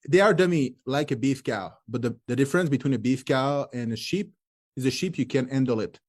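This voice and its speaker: Guest, male, thirties, French Canadian accent, native French speaker; halting English full of restarts. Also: mid-range voice, darkish tone. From Quebec, Canada. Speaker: guest, forage lecturer. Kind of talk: casual interview.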